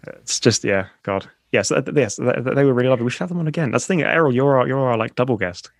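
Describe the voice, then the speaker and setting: A man's voice: mid-range voice, animated, fast, creaky, dry recording. A man in the middle of his range chats loosely and makes fun of himself while he hosts a podcast. The sound is dry and close to the mic, with no room around it. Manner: rambling, self-deprecating storyteller. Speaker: podcast host. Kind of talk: casual chat.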